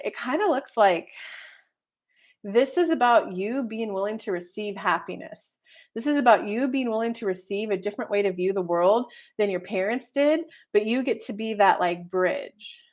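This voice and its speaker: A woman life coach and tarot reader talking casually to viewers in a rambling, chatty way with many filler words. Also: medium pitch. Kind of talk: casual horoscope video monologue.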